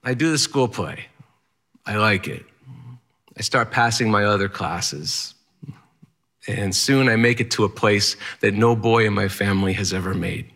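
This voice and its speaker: A man's voice: fairly low pitch, measured pace, long pauses, a bit bright. A man telling a personal story in the first person, candid, plainspoken and wry.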